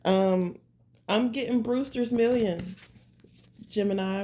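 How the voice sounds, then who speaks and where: A woman's voice: fairly low pitch, unhurried, dark tone, a little hiss or hum. A woman giving a casual tarot reading at home, talking straight to her viewers in a rambling, slangy, laid-back way. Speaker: tarot reader.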